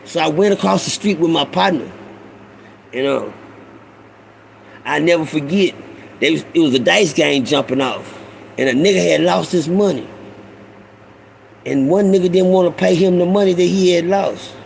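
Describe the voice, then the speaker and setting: A middle-aged man, telling street stories to his listeners in a loose, profane, animated way. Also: fairly high pitch, moderate pace, creaky, pauses often, a little hiss or hum, poor audio. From Houston, Texas. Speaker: storyteller host. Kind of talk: casual storytelling monologue.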